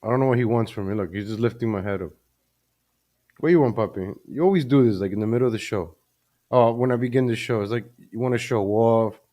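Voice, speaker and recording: A man with a fairly low, warm voice talks quickly while hosting a casual livestream from a room at home, seated at his computer with a desk microphone. He's chatty, easily sidetracked, and tends to repeat himself.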